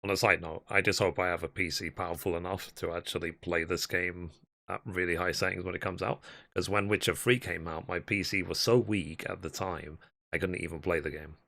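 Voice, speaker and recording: A man's voice: low-pitched, brisk, creaky. A man hosting a reaction video, chatting casually to viewers between clips. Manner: relaxed, conversational asides to viewers. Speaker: reaction channel host.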